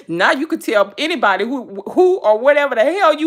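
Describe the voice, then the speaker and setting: Blunt, animated woman ranting to viewers. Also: sits high, brisk, hardly any pauses. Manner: blunt and animated, swears freely, laughs often; chatty, addresses viewers directly. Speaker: tarot reader. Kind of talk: casual vlog rant to viewers.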